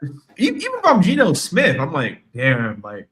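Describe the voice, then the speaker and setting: A man co-hosting a casual sports chat, slangy and animated, often mimicking people in a higher voice. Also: normal speed. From California. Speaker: podcast co-host.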